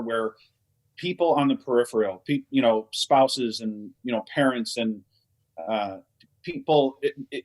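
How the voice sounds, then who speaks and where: A man's voice: medium pitch, low-quality recording. Rambling male co-host. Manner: rambling, many restarts and fillers. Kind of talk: casual conversation.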